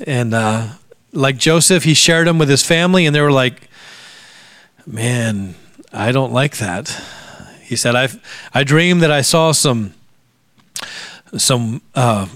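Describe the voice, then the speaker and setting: A man's voice: medium pitch, fairly bright tone, clean tone, dry recording, studio quality. A middle-aged man preaching a sermon, telling a personal testimony and growing emotional, sometimes dropping to a near-whisper. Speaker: pastor.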